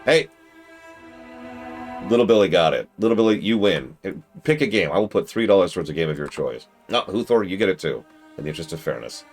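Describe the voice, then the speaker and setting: Deep-voiced rambling game streamer man. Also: a little fast. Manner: rambling, self-correcting, excitable asides. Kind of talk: casual gaming stream commentary. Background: game music.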